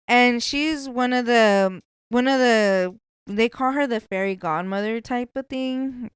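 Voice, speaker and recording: A woman's voice: fairly high pitch, slow, clean tone, no echo. A woman hosting a podcast, chatting casually in a blunt, profane way. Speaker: podcast host.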